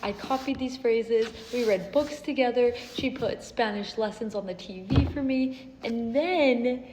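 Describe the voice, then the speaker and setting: A young woman telling an earnest, emotional story from her own life as a vlogger, with soft laughs now and then. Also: fairly high pitch, a little slow. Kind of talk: personal storytelling. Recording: slight hall reverb, faint noise.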